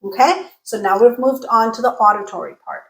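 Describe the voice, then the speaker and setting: Woman coaching pronunciation, slightly high voice. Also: a bit bright. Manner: clear, coaching, repeats sounds slowly for drills. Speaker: pronunciation teacher. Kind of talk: online English pronunciation lesson. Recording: roomy echo.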